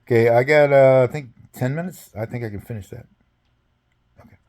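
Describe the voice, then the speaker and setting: A man's voice: mid-range voice, a little fast. An older man, an interview guest, telling a rambling story with frequent laughs and acted-out dialogue. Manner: animated, laughs often, acts out both sides of dialogue.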